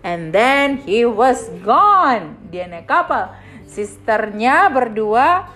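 A woman reads a picture book to her child, pausing to explain each page. Her voice sits high and she moves slowly and patiently. Soft music plays faintly in the background. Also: very animated. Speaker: parent reading to a child. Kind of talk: reading a picture book aloud.

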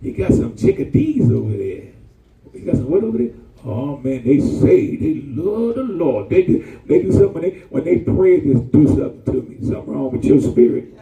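A man preaches with a high, wildly swinging voice and a dark, mellow tone, animated and colloquial, calling out to the congregation. He is recorded in an echoey church room from a distant mic. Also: a little fast, vocal fry. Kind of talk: sermon.

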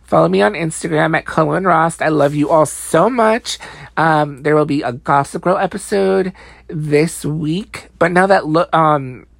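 A young woman with a gravelly, fry-heavy voice chats through a reality TV recap late at night, tired but sassy. She swears freely and fills every pause with "like". The sound is close and dry. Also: low voice, no room sound. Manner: chatty, profane, heavy use of "like", sassy asides. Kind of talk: casual gossipy recap.

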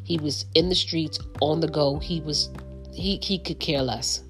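Frank low-voiced middle-aged woman. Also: a little slow, soft background music. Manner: frank, emphatic storytelling with restarts. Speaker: podcast host. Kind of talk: casual monologue.

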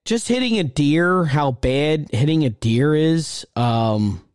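A man hosting a casual gaming chat show, telling stories in an animated, rambling way. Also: on the high side, slow pace, clean tone, dry recording, studio quality. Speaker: show host.

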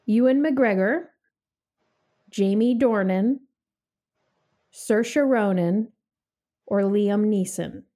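A woman hosting a casual podcast chat, playful and quick to laugh. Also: mid-range voice, mellow. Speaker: podcast host.

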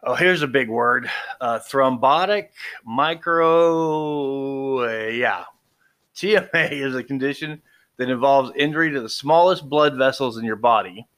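A man's voice: mid-range voice, normal speed, a bit bright. A man reading out medication side effects in a casual vlog, tripping over long medical words and adding dry, joking asides. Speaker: vlogger reviewing medications. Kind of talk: casual read-aloud commentary.

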